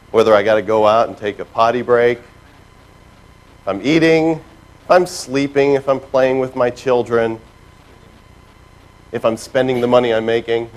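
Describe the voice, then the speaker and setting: A man giving a lively seminar talk to a live audience, telling stories with sound effects and mimicked voices. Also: mid-range voice, poor audio. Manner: animated storytelling with character voices and sound effects. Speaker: keynote speaker. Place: stage before a live audience.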